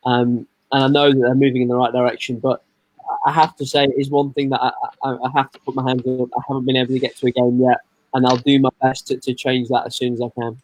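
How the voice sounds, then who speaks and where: A man's voice: medium pitch, flat delivery, fast, rough recording. A man who works as a radio presenter, answering interview questions in a chatty, friendly, self-deprecating way.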